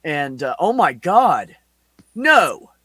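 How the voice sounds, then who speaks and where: A man's voice: fairly high pitch, very slow, husky, dry recording. A man in his forties, a podcast host telling a story in casual, heavily profane chat. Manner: profane, animated anecdote with laughs.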